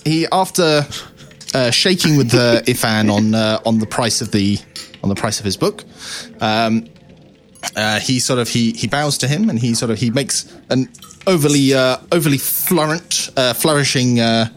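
A man's voice: mid-range voice, moderate pace. A man narrating as game master, rambling and correcting himself.

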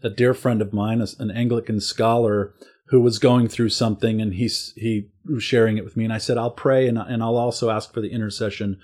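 A man in a relaxed conversation, earnestly explaining points of faith and stressing key words. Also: fairly low pitch, brisk. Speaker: guest. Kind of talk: casual theological conversation.

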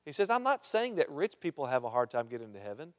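Quick-paced and mid-range, the pastor's voice swings widely in pitch as he reads from scripture and then stops to question the crowd and crack jokes. A long hall reverb surrounds the sermon.

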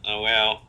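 A man as a player at a tabletop game, speaking haltingly as he reads out his dice. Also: on the low side, bright, forceful tone, echoey room. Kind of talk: casual chat at a tabletop game.

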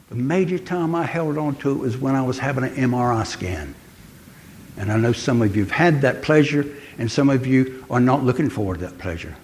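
An older man preaching a sermon in an earnest way, pausing often and slowing down to stress key words. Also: mid-range voice, a little mellow. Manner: earnest, pausing, slows for emphasis.

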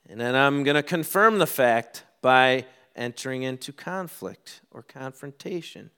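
A middle-aged male pastor delivers a sermon, with a bright, forward tone in his voice. He tells stories from his own home and acts out quoted lines, swinging from loud to hushed as he goes. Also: medium pitch, unhurried, few pauses, smooth. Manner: animated storytelling, acts out quotes.

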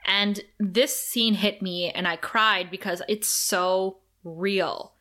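Bright-voiced woman podcast co-host. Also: medium pitch, slow pace. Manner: animated, emotional, laughs often. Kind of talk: casual chat.

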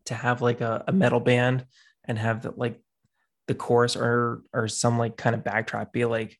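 A man hosting a casual podcast chat, agreeable and quick to laugh. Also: medium pitch, completely flat delivery. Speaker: podcast host.

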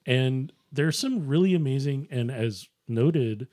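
A man chatting on a podcast, eagerly passing along trivia in quick bursts. His pitch is ordinary and his tone is relaxed and conversational. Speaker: podcast co-host. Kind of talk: casual chat.

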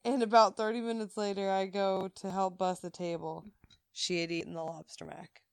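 A woman's voice: mid-range voice, normal speed, vocal fry, clear, resonant tone, dry recording, studio quality. A woman co-hosting a podcast, telling a story in casual chat and acting out the people in it. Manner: animated storyteller, acts out quoted voices, laughs often. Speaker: podcast co-host.

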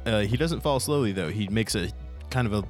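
A man narrating as game master in a tabletop game, relaxed, with fillers and restarts. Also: fairly low pitch, brisk, soft background music.

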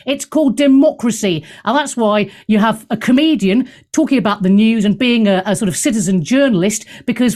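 A woman hosting a radio talk show, blunt and straight-talking, speaking in an opinionated, animated way from a studio. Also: mid-range voice.

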